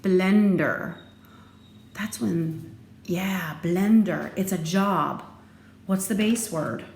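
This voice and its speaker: A woman teacher giving a recorded phonics lesson, slow and deliberate, playful, with sudden lively jumps in her voice. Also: lowish voice, vocal fry. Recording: echoey room with faint background noise.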